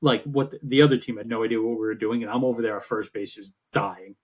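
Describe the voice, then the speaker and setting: Male podcast co-host, husky voice, chatty storyteller, casual sports banter. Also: fairly low pitch, fast. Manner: rambling, animated storytelling with swearing.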